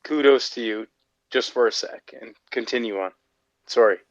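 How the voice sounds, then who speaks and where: A man from Edmonton, Canada, co-hosting a casual online group chat, excitable, interrupting and laughing often. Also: mid-range voice, normal speed, no room sound. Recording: muffled online audio.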